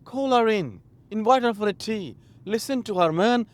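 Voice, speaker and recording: A man's voice: high voice, expressive, moderate pace, hardly any pauses. A man from Bangladesh, a political commentator, speaking outdoors in a heated, emphatic monologue full of rhetorical questions. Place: outdoors in a city.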